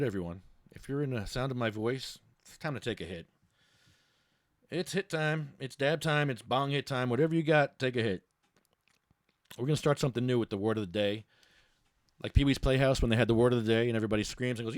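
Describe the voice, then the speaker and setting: A man's voice: mid-range voice, moderate pace, pauses often, no echo, clean studio sound. A man hosting a casual podcast, ranting bluntly and rambling with many restarts. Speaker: podcast host. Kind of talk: casual ranting talk show monologue.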